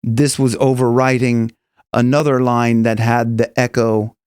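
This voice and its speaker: A man teaching singing, explaining casually and breaking into high sung examples. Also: flat delivery, measured pace, darkish tone, clean tone, dry recording, studio quality. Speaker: vocal coach. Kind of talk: singing lesson with demonstrations.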